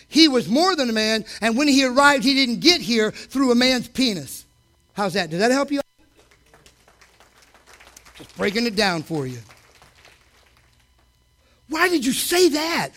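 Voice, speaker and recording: A man preaching a sermon in a church, swinging between quiet, joking asides and loud, shouted peaks. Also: extremely high pitch. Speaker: preacher and coach.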